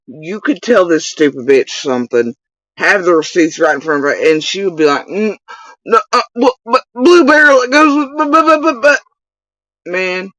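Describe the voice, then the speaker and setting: A man's voice: mid-range voice, fairly bright tone, no room sound. A man hosting his own channel, delivering an angry, profane rant full of accusations and insults aimed at one person. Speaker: channel host. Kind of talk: angry direct-to-camera rant. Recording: dull lo-fi dry recording.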